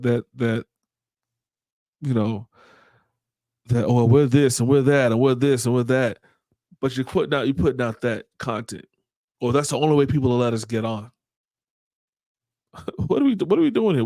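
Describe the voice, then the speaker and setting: A man gives fired-up podcast commentary in a blunt, indignant tone, tripping over and repeating his words as he thinks. His voice sits at an ordinary middle pitch. The sound is dry and close, with no room echo. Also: a little mellow. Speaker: podcast host. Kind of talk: opinion commentary.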